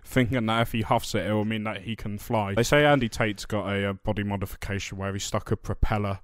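A young British man co-hosting a podcast, teasing his co-host with crude deadpan jokes. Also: lowish voice, quick pace, no room sound, studio quality. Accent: British English. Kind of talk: casual banter.

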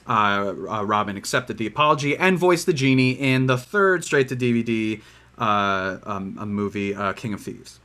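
A man's voice: fairly low pitch, sharp tone. A man co-hosting a podcast, chatting casually about a movie with many fillers and restarts. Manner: rambling, many fillers and restarts, quick quoted voices. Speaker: podcast co-host.

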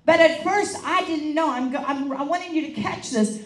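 A woman's voice: high voice, normal speed. A woman evangelist preaching a charismatic sermon, moving between prophetic prayer and storytelling with fervent, rhythmic swells. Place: church meeting hall. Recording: echoey hall, voice from far off.

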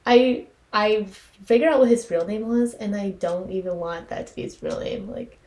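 A woman's voice: medium pitch, normal speed. A woman in her twenties co-hosting a podcast, telling stories in a rambling way with lots of "like". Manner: rambling storyteller, heavy filler "like". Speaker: podcast co-host. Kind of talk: casual chat. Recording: echoey room, faint noise.

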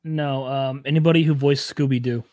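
A man's voice: medium pitch, steady tone, fairly quick, a little mellow, no echo, clean studio sound. A man co-hosting a podcast in casual chat, rambling, swearing and laughing often. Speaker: podcast co-host.

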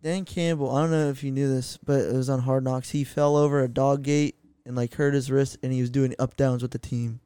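A laid-back young man talks in easy, casual podcast chat, mostly giving short replies. His voice is mellow and smooth, close and dry. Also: medium pitch, fairly even intonation, brisk, hardly any pauses, dry recording. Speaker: podcast co-host.

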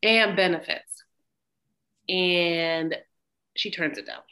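Lowish-voiced woman, animated and profane. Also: takes it slowly. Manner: animated, profane, acts out quotes with laughter. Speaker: podcast co-host. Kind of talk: casual chat recapping a show.

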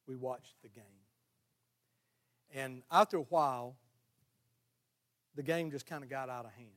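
A male pastor, preaching a sermon in a folksy, storytelling way that builds to loud, fervent exhortation. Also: mid-range voice.

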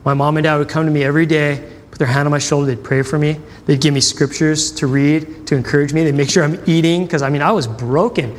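A man's voice: a little high, steady tone, quick pace, hardly any pauses, long reverb tail. A man preaching a sermon, telling personal stories in a conversational way and acting out the dialogue. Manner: conversational, acts out quoted dialogue. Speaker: pastor.

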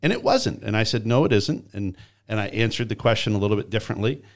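A man hosting a podcast interview, telling a story in a lively way and acting out the quoted voices. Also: on the low side, fast talker, vocal fry. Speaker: podcast host.

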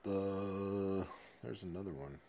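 A man's voice: low voice, steady tone, slow, warm tone. A man co-hosting a podcast in casual chat at home, joking and swearing freely. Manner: loose, joking, swears freely, talks to a dog. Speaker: podcast co-host. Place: home living room with a dog.

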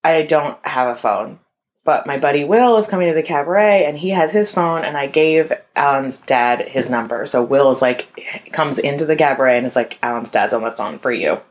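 Young woman, very deep voice, candid chatty storytelling, says y'all. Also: normal speed. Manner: candid, conversational, frequent "like" fillers; addresses listeners as y'all. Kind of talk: personal storytelling to an audience.

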